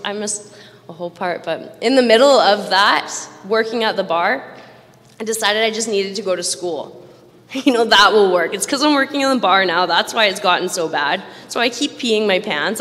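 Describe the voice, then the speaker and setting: Her voice medium-pitched and fairly bright, a woman speaks into a stage microphone at a roundup, sharing her personal recovery story candidly. She pokes fun at herself and laughs between lines, while the large event hall adds a long reverb.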